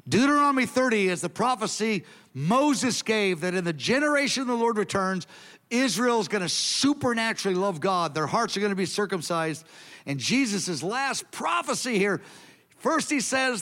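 A man's voice: high-pitched, lively intonation, normal speed, pushed and bright. A man preaching a sermon in an earnest, emphatic way, then leading a prayer. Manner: earnest, emphatic, quoting scripture in a raised voice.

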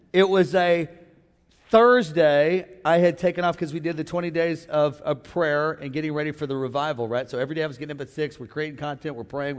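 A high-voiced male pastor preaching with comic energy and sudden shouts. His voice rings through a large sanctuary with a long echo. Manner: energetic, joking, shouts at the climaxes. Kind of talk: sermon. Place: church sanctuary.

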